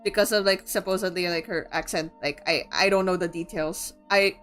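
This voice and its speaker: A woman's voice: fairly low pitch, steady tone, a little fast, fairly bright tone, soft background music. A young woman from the Philippines chatting casually about a book, rambling with lots of fillers and laughter. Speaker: streamer.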